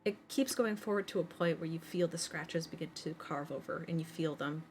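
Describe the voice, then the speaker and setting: A woman narrating as game master of a tabletop game, halting with many fillers. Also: sits low, darkish tone, breathy edge.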